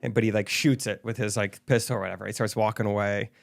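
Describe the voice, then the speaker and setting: A young man co-hosting a podcast, telling stories in relaxed casual chat and laughing often. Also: on the low side, fast, vocal fry. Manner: laid-back storyteller, laughs often. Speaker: podcast co-host.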